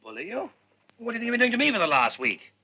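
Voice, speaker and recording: A man's voice: very high voice, wildly swooping pitch, fast talker, pushed and bright, breathy edge, full character voice. A man playing a petulant, bedridden captain who blusters for whiskey and cigarettes in a 1950s British film.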